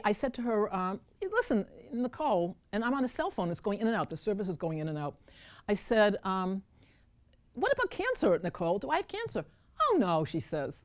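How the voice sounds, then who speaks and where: Animated woman telling a stage story. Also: mid-range voice. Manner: animated, addresses audience as folks. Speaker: solo stage performer. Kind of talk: one-woman storytelling show.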